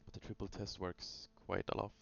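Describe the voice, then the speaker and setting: A man's voice: low-pitched, completely flat delivery, a little fast, vocal fry. A man casually talking through chart trades in a screen-recorded review, thinking aloud with many fillers. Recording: dull lo-fi sound with faint hum.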